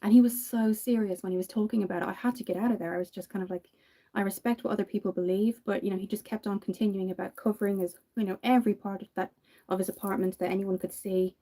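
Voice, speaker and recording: Mellow-voiced Irish woman chatting. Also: medium pitch, fairly even intonation, fast talker. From Ireland. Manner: chatty storytelling, laughs often. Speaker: makeup vlogger. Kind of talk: casual chat while doing makeup.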